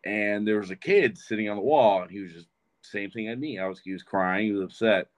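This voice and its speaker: This man is in his twenties and appears as a guest on a podcast. His voice is lowish and a little quick as he tells a meandering, foul-mouthed story in casual conversation, often starting over mid-thought.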